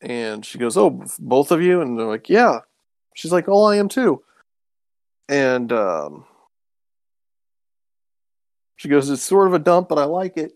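A man's voice: a little high, big pitch swings, normal speed, darkish tone, no room sound. A man casually recapping an episode, rambling with ums and acting out quoted lines. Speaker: podcast co-host recapping a show. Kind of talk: casual chat.

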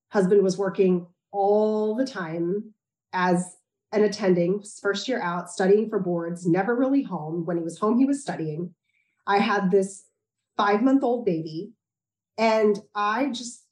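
A woman who seems to be in her thirties appears as an interview guest, sharing a personal story candidly and reflectively with halting restarts. Her mid-range voice has a darkish tone, and the room sounds echoey.

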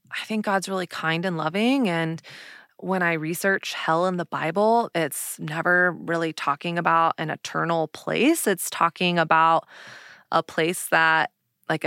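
Low-voiced woman telling a personal story. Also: smooth, no echo, clean studio sound. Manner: candid, animated retelling with laughs and fillers. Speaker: podcast host.

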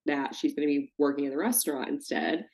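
An animated woman talks through a podcast recap, swearing freely and switching into quick impressions of others. Her voice sits a bit low for a woman. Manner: animated, profane, mimics people she talks about. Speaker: podcast co-host. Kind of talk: casual recap chat.

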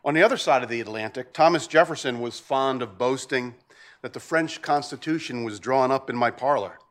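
A man, the president of a policy institute, opening an event with a measured, ceremonious prepared welcome speech. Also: mid-range voice, fairly bright tone.

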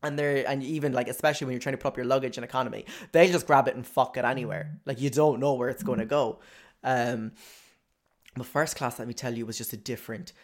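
A brash young man doing stand-up storytelling, swearing freely and blowing everything out of proportion. His voice sits at an average pitch for a man, and he keeps throwing in chatty asides to the audience. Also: fairly even intonation, fast. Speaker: stand-up comedian.

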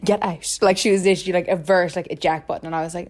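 A young woman spins a rambling party story with a chatty, giggly manner, stringing her sentences together with "like". Her voice sits a little low for a woman. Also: fairly even intonation, rapid-fire, darkish tone. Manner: chatty, full of "like", laughs often. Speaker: podcast co-host telling stories. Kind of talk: casual storytelling chat.

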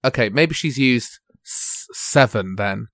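A man's voice: medium pitch, lively intonation, takes it slowly, fairly bright tone, dry recording, clean studio sound. A man on a comedy podcast, teasing and mock-earnest as he improvises. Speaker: podcast co-host.

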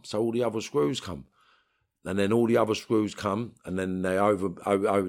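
A man with a London accent, talking bluntly and streetwise in an interview, with bursts of swearing. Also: lowish voice. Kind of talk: storytelling interview.

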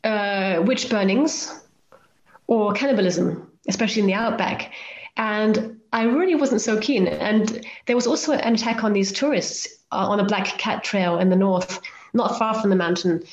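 A woman's voice: medium pitch, moderate pace. A woman in a podcast interview, spinning self-deprecating stories and acting out what others said. Her voice sits in the middle of the range, but the audio comes through roomy and a little dull, like a remote call. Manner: chatty, self-deprecating, acts out quoted lines. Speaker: guest author and volcano climber. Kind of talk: anecdotal storytelling in a podcast interview.

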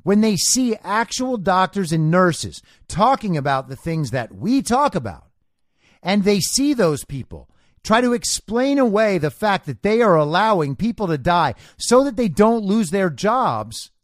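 Give me a male podcast host delivering a political commentary monologue. He has a high voice that swings widely in pitch. He lectures in a combative way and keeps punching lines with "okay?". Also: sing-song, unhurried, dry recording, studio quality.

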